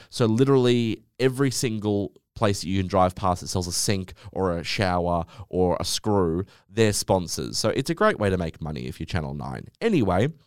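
A man's voice: on the low side, a little mellow, clean tone, no room sound, studio quality. A man hosting a solo podcast, talking in a sarcastic, rambling way and swearing often. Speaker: podcast host.

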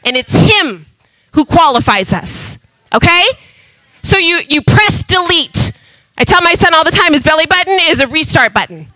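A woman preaching a sermon with passion, going from loud emphatic calls to soft asides. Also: sits high, very animated, normal speed, no room sound, rough recording.

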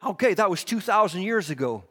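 High-voiced fervent preacher. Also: male voice, lively intonation, a little fast. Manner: fervent, repeats phrases, swings from loud to hushed. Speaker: pastor. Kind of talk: sermon. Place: church hall. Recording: long hall reverb.

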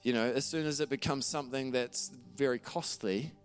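A man's voice: medium pitch, moderate pace, clear, resonant tone, soft background music. A man preaching a sermon in an earnest, conversational way, reading scripture aloud and often restarting his phrases. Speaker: pastor.

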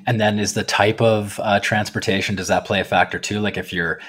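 A man's voice: lowish voice, level tone, a little fast, a bit bright. A man co-hosting a podcast, asking curious, rambling questions in a casual way. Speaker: podcast co-host.

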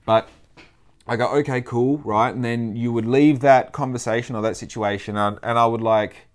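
A man's voice: medium pitch, level tone, normal speed. A man with an Australian accent talking casually in a rambling monologue, swearing freely and acting out the people he quotes.

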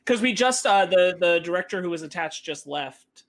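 A man's voice: high-pitched, expressive, moderate pace, a bit bright. A man co-hosting a casual chat, rambling with lots of fillers. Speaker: co-host.

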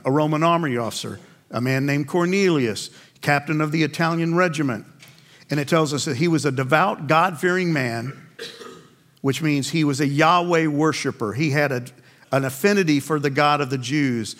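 Pastor guy preaching, kinda high voice, asks the crowd stuff then answers it himself. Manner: animated, asks the congregation questions and answers them; acts out biblical voices in quotes. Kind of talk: sermon.

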